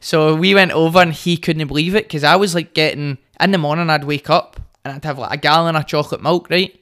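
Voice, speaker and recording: A man's voice: fairly high pitch, steady tone, fairly quick, a bit bright. A young man with a Scottish accent, a guest boxer telling cocky stories with a laugh in casual podcast chat.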